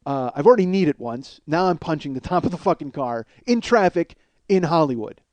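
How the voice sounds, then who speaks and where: A man in his forties, a comedian host, telling a long story in a blunt, profane, animated way. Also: a little high, a little fast, dry recording, dull audio. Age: 40s.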